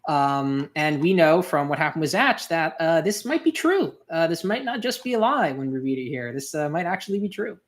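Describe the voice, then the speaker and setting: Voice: mid-range voice, expressive, normal speed, hardly any pauses. A manga reader doing a live read-through, commenting in a casual, rambling way with many fillers.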